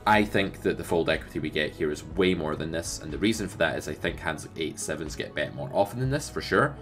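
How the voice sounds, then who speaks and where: A man teaching poker strategy, explaining in a lively way and asking the viewer rhetorical questions. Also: very deep voice, fast, music in the background. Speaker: poker coach.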